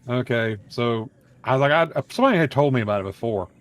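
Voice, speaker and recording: A man telling stories in a loose, rambling way, swearing freely and leaning on fillers. His voice sits at an ordinary pitch. He jumps between acted-out bits and plain narration. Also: expressive, quick pace. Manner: profane, rambling storyteller who acts out quotes. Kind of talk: casual chat.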